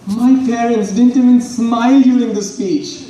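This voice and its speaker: A young man delivering a prepared humorous contest speech with animated, punchline-driven timing, recorded from far off in a large echoey hall. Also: extremely high pitch, unhurried. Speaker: contest speaker. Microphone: far from the mic.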